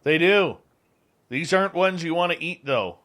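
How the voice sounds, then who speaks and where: A man's voice: on the high side, expressive, moderate pace, fairly bright tone. A man hosting a radio show, chatting casually and reading a live ad in a joking, rambling way. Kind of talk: casual chat and live ad read.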